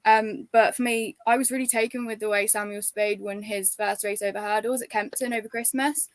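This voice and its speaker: A woman on a racing panel, talking through her tip in a measured way with many ums. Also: medium pitch, steady tone, no room sound. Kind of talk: casual tipping chat.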